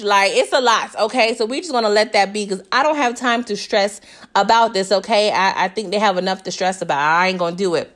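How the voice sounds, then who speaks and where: A woman casually recapping a TV episode. She talks in an animated way, laughs often and keeps asking her listeners "okay?". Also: on the high side. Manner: slips into voices when quoting characters. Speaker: TV recap vlogger.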